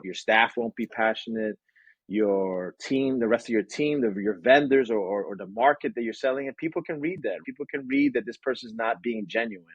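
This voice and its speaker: A man answering interview questions about his business, energetic and lively, acting out quotes and sound effects. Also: medium pitch, slightly rough, dry recording, muffled recording. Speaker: branding agency owner.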